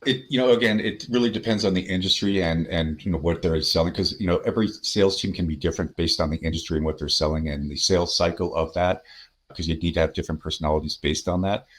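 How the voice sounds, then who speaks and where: Man, deep voice, podcast guest, storytelling, acts out quoted people. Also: fast talker. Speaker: podcast guest, sales consultant. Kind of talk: conversational storytelling.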